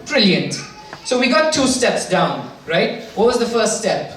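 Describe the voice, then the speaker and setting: A man working a live crowd with slow, teasing stand-up and self-mocking jabs. His voice rings through a very echoey hall, picked up from well off the mic. Steady noise sits under everything. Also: high-pitched, recorded from a distance. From India. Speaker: stand-up comedian. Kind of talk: stand-up comedy with audience participation.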